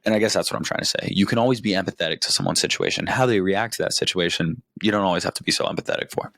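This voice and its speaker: Low gravelly dude talking straight, swears a lot, dry close sound. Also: male voice, racing, a bit bright, dry recording. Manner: profane, conversational, keeps checking in with "right?". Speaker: podcast host. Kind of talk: casual advice monologue.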